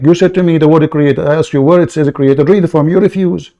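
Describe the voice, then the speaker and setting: A man's voice: mid-range voice, fairly even intonation, brisk, vocal fry, hardly any pauses, warm tone, highs cut off. A man hosting a heated live debate, mocking and interrupting his opponent and repeating his words. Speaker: debate host.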